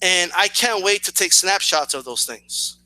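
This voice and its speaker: A man's voice: sits high, expressive, measured pace, sharp tone, no room sound, poor audio. A man hosting a video channel, firing off a challenging response to a rival. He talks in a sarcastic, repetitive way, restarting phrases and asking "right?" again and again. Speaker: boxing commentary channel host.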